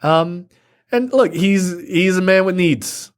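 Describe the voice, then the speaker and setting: A man talks through a movie's plot on a casual review podcast, rambling from scene to scene and swearing freely. His voice sits a little higher than most men's. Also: slow pace, clear, resonant tone. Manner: rambling profane plot recap. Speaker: podcast co-host. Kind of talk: casual film review chat.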